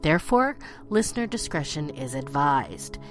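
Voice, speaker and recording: Woman host, low voice, congested and stuffy, playful chat with dramatic swings, faint music underneath. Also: sing-song, normal speed. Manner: chatty and playful, dramatic swells in pitch. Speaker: podcast host. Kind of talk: spooky storytelling podcast.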